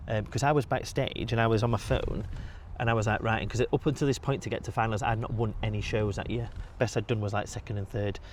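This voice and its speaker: Man, young adult, rapid talker, slightly low voice, faint background noise. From England. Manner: swears freely, animated storytelling. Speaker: podcast guest, bodybuilder. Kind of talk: casual storytelling.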